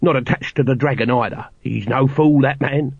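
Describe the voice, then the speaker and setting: A man voicing a shifty, fast-talking male street hawker with a wheedling salesman's patter. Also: medium pitch, gravelly, breathy edge, no room sound. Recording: dry, slightly dull studio recording.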